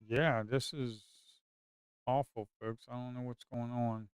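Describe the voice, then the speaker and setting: Man, live trading commentary, grumbling to viewers, smooth clear voice, dry close sound. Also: mid-range voice, a little slow, no room sound. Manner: grumbling, talks to viewers as folks, sudden excited outbursts. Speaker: day trader streaming live. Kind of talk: casual live market commentary.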